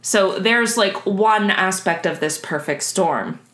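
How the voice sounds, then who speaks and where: A woman's voice: mid-range voice, slow pace, fairly bright tone. A woman co-hosting a podcast, telling a story in a casual, chatty way and laughing often. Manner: chatty, laughs often, restarts while explaining. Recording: roomy echo.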